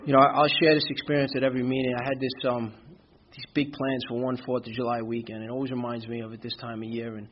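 A man's voice: medium pitch, flat delivery, quick pace, muffled recording, a little hiss or hum. A man giving a candid, rambling personal testimony at a recovery meeting, often saying "you know". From Brooklyn, New York. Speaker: speaker sharing his recovery story.

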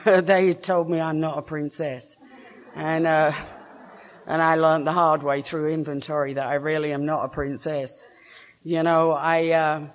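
A woman with an English accent, frankly and self-mockingly telling her own story to a recovery meeting, laughing now and then between lines. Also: low-pitched. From England. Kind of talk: personal story told to a meeting.

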